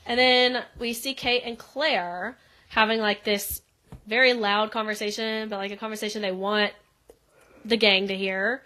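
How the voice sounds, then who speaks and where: A woman's voice: medium pitch, steady tone, unhurried, pushed and bright. A young woman co-hosting a podcast, chatting casually and laughing often, with lots of "like" fillers. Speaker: podcast co-host. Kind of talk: casual recap chat.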